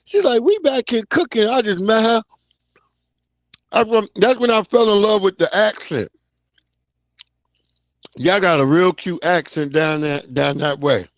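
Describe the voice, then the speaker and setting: Brief: male stream host, 30s-40s, relaxed slangy chatter, slightly high-pitched, dry close sound. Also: measured pace, pauses often, no room sound. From New York (Long Island). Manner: loose, slangy, reacting to chat comments. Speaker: livestream host. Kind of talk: casual livestream chat.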